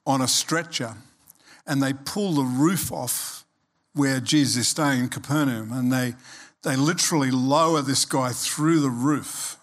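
A man preaching a sermon as pastor, animated and emphatic, acting out quoted voices. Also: mid-range voice.

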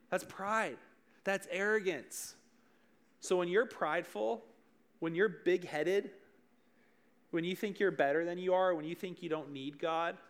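A young man preaching to teenagers as their youth pastor, with a voice pitched a little high. He keeps it loose and conversational, cracking jokes and asking the room questions. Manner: joking, conversational, addresses the room directly. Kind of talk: casual youth sermon.

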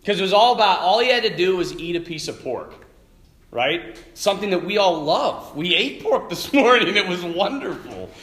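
An animated man speaks to a group about faith. He tells stories and slips into the voices of the people in them. His voice sits high and moves widely in pitch, and the room gives it a clear echo. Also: normal speed. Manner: animated storytelling, acting out quoted voices. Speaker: Catholic speaker. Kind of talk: lively faith talk to a group.

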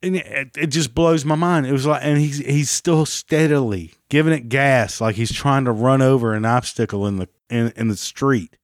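A man angrily retelling a story, swearing heavily and pitching up when worked up. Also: normal speed, few pauses, no room sound, clean studio sound. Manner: heated, heavy swearing, rising pitch when agitated. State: still angry about the event. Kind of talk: angry personal storytelling.

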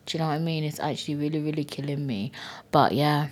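A woman's voice: deep voice, lively intonation, fast, a little mellow. A young woman hosting her own podcast, chatting casually with playful self-mocking asides and frequent swearing. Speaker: podcast host. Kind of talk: casual solo podcast chat.

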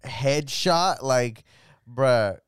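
A young man hosting a casual podcast chat, excitable and slangy, full of "bro" and exclamations. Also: medium pitch, very slow, clear, resonant tone, no echo, studio quality. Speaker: podcast co-host.

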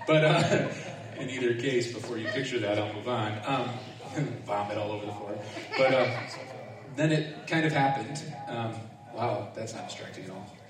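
A man preaching a sermon in a relaxed, self-mocking storytelling manner, often laughing as he speaks. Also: mid-range voice, moderate pace, crowd noise. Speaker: pastor. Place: large echoing hall or sanctuary. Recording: echoey room, distant mic, faint noise.

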